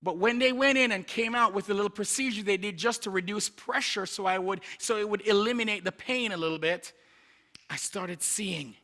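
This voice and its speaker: A Jamaican man preaches a testimony sermon at normal speed, telling his story conversationally with asides to the listeners. His voice is high and bright, and a long church-sanctuary reverb trails every phrase.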